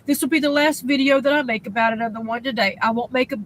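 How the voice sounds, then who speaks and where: A tearful woman speaks straight to her phone audience in a raw personal monologue. Her voice sits a little high, and she stumbles, repeats words and swears bluntly. A faint background hum stays under her voice. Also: steady tone, low-quality recording. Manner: halting, repetitive, outspoken with profanity. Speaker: social media creator. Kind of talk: emotional personal video monologue.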